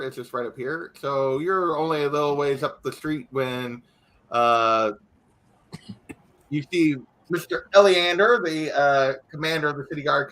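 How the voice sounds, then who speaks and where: A man's voice: a little high, pushed and bright. A man narrating as game master, casual and loose, with lots of fillers. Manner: casual, filler-heavy, laughs often.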